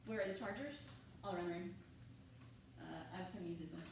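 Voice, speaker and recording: A woman's voice: lowish voice, fairly quick, gravelly, background noise. A drama teacher leading a class, quizzing her students and repeating their answers. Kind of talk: classroom lecture with questions to students. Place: school classroom, indoors. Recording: echoey classroom picked up from a distance.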